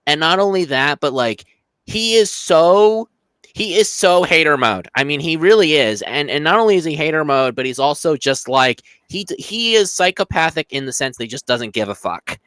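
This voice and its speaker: A man's voice: fairly high pitch, expressive, normal speed, a bit bright, clear, resonant tone, no echo. A young man co-hosting a casual film review podcast, rambling with repeated words and acting out scenes. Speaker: podcast co-host.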